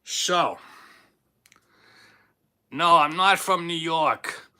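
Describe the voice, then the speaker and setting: Bright, chatty Boston-accented man. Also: a little high, very slow, clean tone. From Boston, Massachusetts. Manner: jokey, chatty, self-teasing. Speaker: livestream host. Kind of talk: casual livestream chat reading viewer comments.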